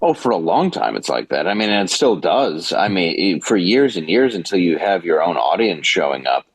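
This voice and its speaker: A man's voice: low voice, big pitch swings, moderate pace, a little hiss or hum, rough recording. A man, a comedian guest on a podcast, talking casually in a rambling, self-interrupting way and laughing through his stories.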